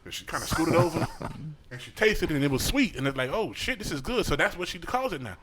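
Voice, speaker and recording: A man co-hosting a casual podcast chat, telling animated, profane stories about his daughter and acting out her voice. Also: fast, background noise. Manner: animated storyteller, acts out his daughter in a high voice; profane, laughs often. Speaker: podcast co-host.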